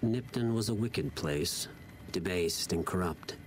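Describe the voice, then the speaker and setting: An actor playing a cruel Legion officer who lectures in a measured, contemptuous way, in a video game. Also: male voice, deep voice, a little hiss or hum. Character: cold cruel Legion officer, stern older man.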